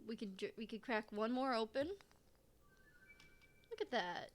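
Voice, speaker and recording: A woman with a fairly high voice speaks at an unhurried pace. She's a game streamer doing casual let's-play commentary, rambling to herself, often restarting and giggling.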